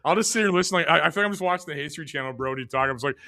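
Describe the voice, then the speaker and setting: A man's voice: on the high side, racing, bright, forceful tone, dry recording, studio quality. A man hosting a podcast in casual chat, rambling and repeating words as he thinks, laughing often. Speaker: podcast host.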